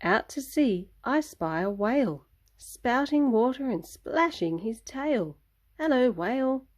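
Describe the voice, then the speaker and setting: A woman's voice: a little high, animated, takes it slowly. A woman reading a children's picture book aloud in a sing-song way, adding animal sounds.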